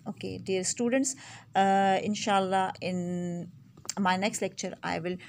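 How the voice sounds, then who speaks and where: A woman's voice: medium pitch, little pitch movement, slight background noise. Woman teacher. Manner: slow, deliberate, repeats example sentences. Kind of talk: recorded grammar lecture.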